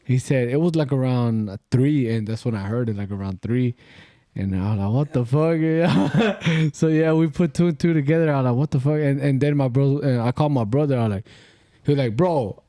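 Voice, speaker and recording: A man's voice: medium pitch, fast, warm tone, dry recording. A middle-aged man hosting a podcast, telling ghost stories in a rambling, profane, slangy way and dropping in Spanish phrases. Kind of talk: casual storytelling chat.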